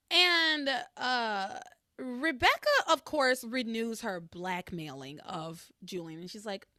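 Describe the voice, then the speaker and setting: A woman's voice: a little high, lively intonation, takes it slowly, sharp tone, no echo, studio quality. A woman hosting a casual podcast, talking expressively and swearing freely. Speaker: podcast host. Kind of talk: casual chat.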